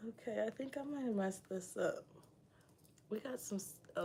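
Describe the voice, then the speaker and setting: A woman's voice: mid-range voice, normal speed, mellow, a little hiss or hum. A woman in her thirties chatting casually while she does her hair, reading and answering comments, tired and a little sick. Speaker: vlogger.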